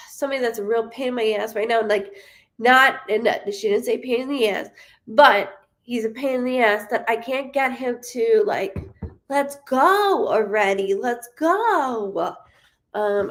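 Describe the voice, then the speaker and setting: Slow, high-voiced woman doing a reading. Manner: halting, with frequent ums and self-corrections; apologetic and reassuring toward her viewers. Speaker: psychic medium. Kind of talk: live-streamed spirit reading.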